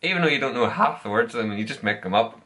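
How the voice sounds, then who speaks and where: A man's voice: mid-range voice, expressive, fast, pushed and bright. A young man, chatting casually and teasing his girlfriend in good humour. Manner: laid-back, complaining in good humour. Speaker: vlogger's boyfriend. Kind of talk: casual chat.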